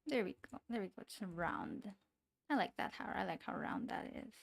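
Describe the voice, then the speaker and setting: Woman streamer with an accent, gravelly voice, rambles and mutters to herself while drawing. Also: mid-range voice, lively intonation, moderate pace. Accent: non-standard English accent. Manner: rambling, self-talking, giggly asides. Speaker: VTuber streamer. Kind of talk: casual chat while drawing.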